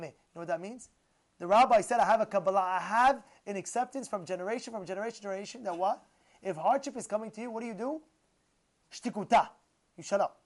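A man preaching as a rabbi in an emphatic, repetitive manner full of rhetorical questions. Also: high voice. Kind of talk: sermon.

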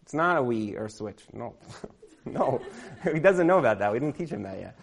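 A man's voice: mid-range voice, sing-song, moderate pace, vocal fry, slight background noise. Rambling man telling a comic story. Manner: rambling, many "like" fillers, laughs at himself.

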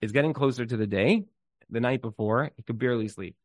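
A man giving an inspirational talk, telling a story in an animated way and often restarting his words. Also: mid-range voice, fast talker, no room sound.

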